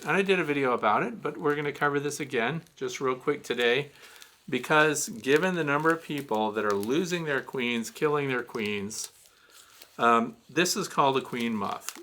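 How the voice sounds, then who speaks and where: A man's voice: medium pitch, expressive, normal speed, bright, forceful tone. A man hosting a beekeeping Q&A, giving a blunt, teasing hands-on demonstration of gear. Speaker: beekeeping show host.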